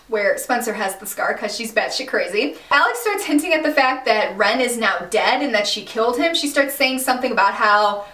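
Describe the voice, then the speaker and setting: A woman casually recapping a TV finale, animated and slangy, exclaiming and laughing as she tells it. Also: on the high side, brisk, hardly any pauses, distant mic. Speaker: recap vlogger. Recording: echoey room, a bit off-mic.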